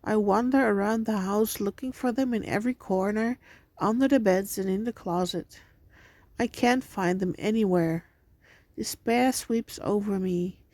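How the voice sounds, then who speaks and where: A woman hosting a channel, narrating a scripted scary story in a slow, deliberate reading voice. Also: mid-range voice, darkish tone, no room sound. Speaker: channel host and story reader.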